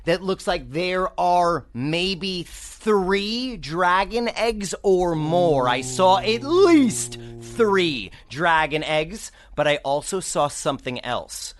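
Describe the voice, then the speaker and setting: An eager male griffin reporting back from a scouting flight, as a man puts him on, lively and rising in pitch. He talks in a plain, matter-of-fact way, almost like a regular guy. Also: takes it slowly, hardly any pauses. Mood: excited.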